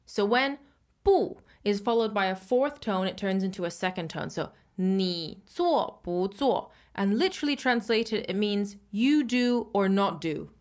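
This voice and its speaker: Brief: woman teacher-host, mid pitch, casual lesson chat, slow careful modeling of example words. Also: expressive. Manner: slows down and stretches Mandarin words for learners.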